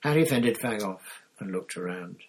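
Brief: low-voiced male audiobook reader, husky, rough and grainy. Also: animated, normal speed, rough recording. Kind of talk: reading a novel aloud.

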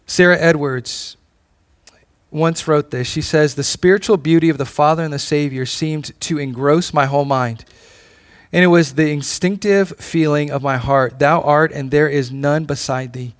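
Male pastor, higher voice, casual sermon delivery with restarts and rising intensity. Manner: conversational preaching with frequent restarts, rising in intensity.

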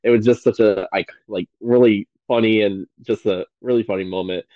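A man's voice: fairly low pitch, fairly even intonation, moderate pace, no room sound, phone-quality sound. A man guesting on a podcast, talking eagerly and loosely about his favorite film and TV moments, full of "um" and "like.". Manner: enthusiastic, rambling with many fillers. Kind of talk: casual podcast chat.

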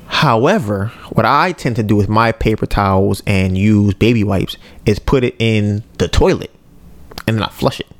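A man co-hosting a casual podcast, telling a joking, animated story about home life. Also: fairly low pitch, no room sound. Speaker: podcast co-host.

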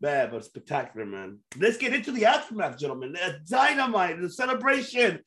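A man hosting a casual wrestling podcast, excitable and swearing freely, laughing often. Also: sits high, brisk. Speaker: podcast host.

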